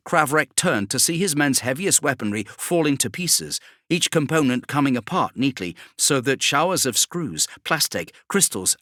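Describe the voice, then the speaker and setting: A man narrating a bedtime sci-fi audiobook, his pitch moving in a lively way through the action. The tone is bright and crisp. The recording is dry and close, with no room sound. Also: no echo.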